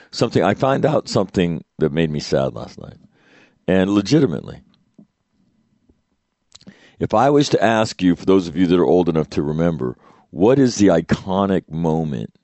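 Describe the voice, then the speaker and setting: Deep-voiced man telling a rambling story. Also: dry recording. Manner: rambling, animated, profane. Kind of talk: casual storytelling monologue.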